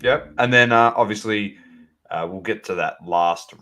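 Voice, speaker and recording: A man co-hosting a sports podcast, chatting casually and animatedly, calling out to the audience as ladies and gentlemen. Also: fairly low pitch, moderate pace. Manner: animated, banter-heavy, addresses listeners as ladies and gentlemen. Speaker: podcast co-host.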